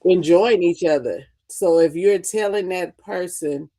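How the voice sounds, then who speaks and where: Low, mellow-voiced frank woman. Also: measured pace. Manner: frank, animated, acts out quotes. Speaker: podcast co-host. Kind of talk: casual chat.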